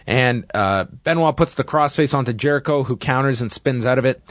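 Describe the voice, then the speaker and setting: A man casually recapping a wrestling match play by play, with steady narration and frequent fillers. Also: mid-range voice, a little fast, no room sound, dull audio.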